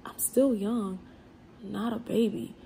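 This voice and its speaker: A woman's voice: medium pitch, fairly even intonation, unhurried, gravelly, dark tone, slight background noise. A woman, ranting bluntly in an unscripted vlog, full of swearing and slang. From New Orleans. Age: 30s. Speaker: vlogger.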